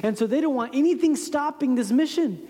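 A woman's voice: high-pitched, brisk, warm tone. Woman preaching in a reverberant hall. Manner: storytelling, dramatic shifts in volume. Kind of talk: sermon. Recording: long reverb in a large hall.

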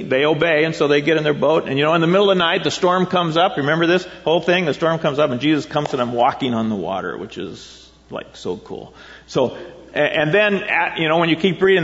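Male pastor, gravelly and fairly high, chatty sermon with rhetorical questions, dull echoey church capture. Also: a bit bright. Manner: rambling, rhetorical questions, reads scripture aloud. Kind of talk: conversational sermon. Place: church sanctuary.

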